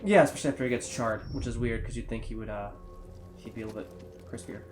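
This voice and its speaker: A man's voice: medium pitch, fast talker, over music. A man co-hosting a gameplay video while sick, rambling through casual commentary with lots of ums. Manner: rambling, many ums and restarts. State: sick and sweating. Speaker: co-host of a gameplay channel. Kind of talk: casual let's-play chat.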